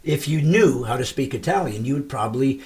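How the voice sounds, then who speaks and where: A middle-aged man hosting his comedy podcast, telling stories with emphatic, shouted punchlines. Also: mid-range voice, animated, brisk. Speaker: comedian host. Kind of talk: comedic podcast monologue and banter.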